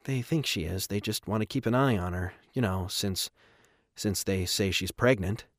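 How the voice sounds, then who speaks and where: A man voicing a nervous middle-aged mother who speaks softly and hesitantly in an audiobook. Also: on the low side, sing-song, moderate pace, no room sound, studio quality. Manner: hesitant, soft-spoken.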